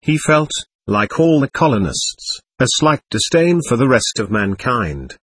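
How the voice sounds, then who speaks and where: A man narrating an audiobook in a measured, expressive storytelling manner, recorded on a close mic. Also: medium pitch, breathy edge, dry recording. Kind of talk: scripted narration.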